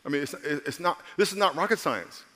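A man's voice: on the high side, animated, fairly quick, sharp tone, long reverb tail. A male pastor preaching a sermon with humor, calling out to the congregation and voicing characters in his stories.

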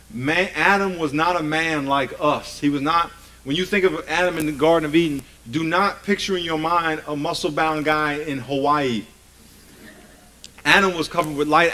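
A man's voice: a little high, bright, forceful tone, rough recording. A man preaching a sermon emphatically, often asking the congregation rhetorical questions.

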